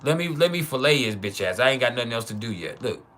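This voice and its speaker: Bright-voiced Texan man on a livestream. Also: mid-range voice, lively intonation, fast. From Texas. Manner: loose and rambling, turns loud and heated roasting a troll. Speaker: astrology livestream host. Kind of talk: casual livestream talk.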